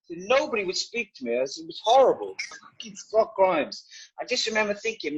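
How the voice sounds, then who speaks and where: Profane, animated storytelling man. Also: high-pitched, a little fast, husky, highs cut off. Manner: acts out other voices, exasperated. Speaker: cast member. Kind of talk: animated anecdote, heavy swearing.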